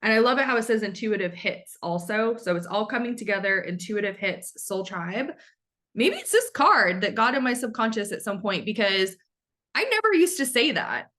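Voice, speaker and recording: A woman's voice: mid-range voice, sing-song, moderate pace, a bit bright. A woman hosting a podcast in casual chat, bubbly and gushing, swearing casually. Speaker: podcast host.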